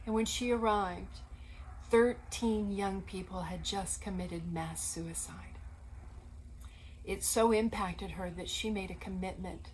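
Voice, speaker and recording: An earnest woman co-hosting a faith program, recounting stories of changed lives with animated conviction. Her voice sits at a medium pitch, and there is a faint hiss behind it. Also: poor audio. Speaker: co-host of a Christian ministry program. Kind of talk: storytelling conversation.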